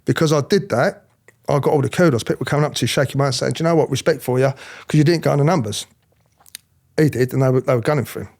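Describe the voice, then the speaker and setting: A middle-aged man telling his story in an interview, animated, acting out other people's voices, often restarting his sentences. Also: mid-range voice, quick pace. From England. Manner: animated, acts out quoted voices, frequent restarts. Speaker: interviewee, former police officer.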